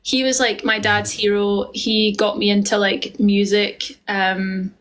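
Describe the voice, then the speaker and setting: A woman's voice: medium pitch, little pitch movement, slow, fairly bright tone. A woman with a Scottish accent, hosting a casual live stream and chatting affectionately with viewers as she answers their questions. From Scotland. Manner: chatty and affectionate, calls viewers darling and lovely. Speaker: live-stream host and musical theatre performer.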